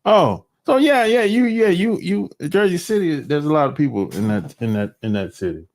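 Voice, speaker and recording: A man's voice: a little high, animated, normal speed, a little mellow. A man hosting a livestream, chatting casually with viewers in a rambling, profane way and laughing often. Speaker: livestream host.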